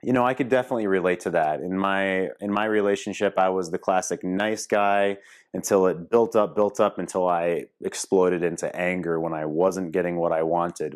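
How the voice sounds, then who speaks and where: A man's voice: fairly low pitch, a little mellow. A middle-aged man, a relationship coach, talking casually and candidly to viewers, swearing freely and laughing now and then. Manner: candid and profane, laughs easily. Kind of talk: casual talk to camera.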